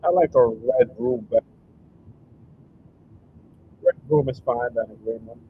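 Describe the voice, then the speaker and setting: A man's voice: mid-range voice, unhurried, phone-quality sound, slight background noise. A man reacting to videos on a live stream, casual and slangy with wry asides.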